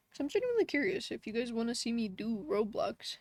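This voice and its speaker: A woman's voice: fairly high pitch, very animated, brisk. A woman live streamer chatting casually with her viewers, reading their comments and laughing often.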